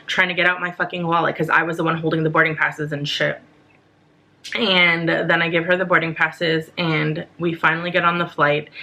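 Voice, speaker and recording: Bright-voiced young woman telling a story. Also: on the low side. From United States. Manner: animated, swears a lot, filler-heavy. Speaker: vlogger. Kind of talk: casual storytime.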